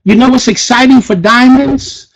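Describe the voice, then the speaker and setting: High-voiced, fiery motivational speaker man. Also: moderate pace, low-quality recording. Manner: preacher-like, repetitive rhetorical questions, bursts of shouting. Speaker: motivational speaker at a sales event. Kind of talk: fiery motivational speech to an audience.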